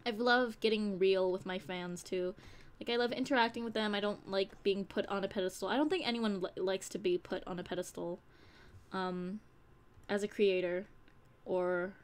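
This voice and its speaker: A woman's voice: medium pitch, fairly even intonation, normal speed. A young woman talking on a live stream, in a candid, rambling way with casual swearing. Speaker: streamer and audio creator.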